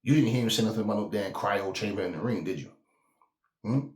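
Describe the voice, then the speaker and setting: A man's voice: fairly low pitch, fast talker, a little mellow. A man, host of a boxing talk channel, rants in a heated, profane, emphatic way. He repeats himself for emphasis. The sound is roomy, with noticeable echo off the walls. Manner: profane, emphatic, repeats himself, slips into mocking quoted voices. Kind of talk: heated casual rant.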